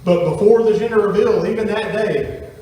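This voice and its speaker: A man's voice: high-pitched, normal speed, warm tone, slight background noise. A man, a pastor telling a family story in a folksy sermon to his congregation. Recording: echoey hall from far off.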